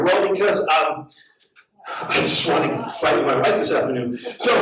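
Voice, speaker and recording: A middle-aged man preaches, animated and story-driven, stumbling over repeated words as he builds up. His voice sits fairly high for a man. It comes from well off the microphone in a very echoey church hall. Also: far from the mic, a little hiss or hum. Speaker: pastor. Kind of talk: sermon with storytelling. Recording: very echoey hall, heard from afar.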